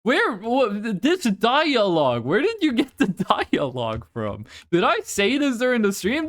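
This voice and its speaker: Using a home desk mic, this streamer talks loosely while playing live, cursing without restraint and bursting out in excitement. Their medium-pitched voice is unhurried, with few pauses.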